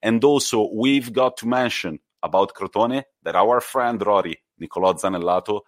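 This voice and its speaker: Low-voiced man chatting football. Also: normal speed, no echo. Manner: animated storyteller, acts out quotes. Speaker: podcast co-host. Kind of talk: casual football chat.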